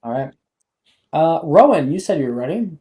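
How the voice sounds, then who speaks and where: Chatty game master, mid-pitched. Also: big pitch swings, moderate pace, warm tone. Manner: casual, many "like" fillers. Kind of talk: running a tabletop game.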